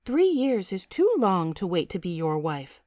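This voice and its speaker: A woman voicing a sweet, eager young noblewoman bride in an audiobook, with a breathy, girlish manner. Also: on the low side, big pitch swings, measured pace, warm tone, no room sound, studio quality. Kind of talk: audiobook character reading.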